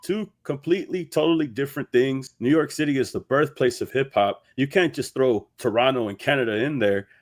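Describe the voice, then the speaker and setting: A man's voice: medium pitch, a little fast, few pauses. A man giving a firm, argumentative opinion commentary. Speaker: commentator in played clip.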